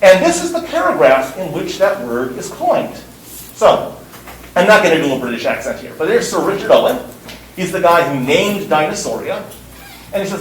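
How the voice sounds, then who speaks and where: Man lecturing, fairly high voice, emphatic and repetitive, roomy echo, slightly distant, faint background hum. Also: normal speed. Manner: lively, emphatic, repeats words for stress. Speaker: university lecturer. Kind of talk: classroom lecture.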